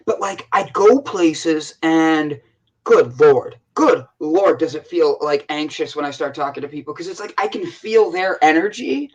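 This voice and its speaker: A man with an American accent tells a story in a casual co-hosted chat. His voice sits high, and he talks in an animated way, starting his sentences over again and again. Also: a little slow, slightly rough, low-quality recording. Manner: animated storytelling with many restarts. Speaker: co-host.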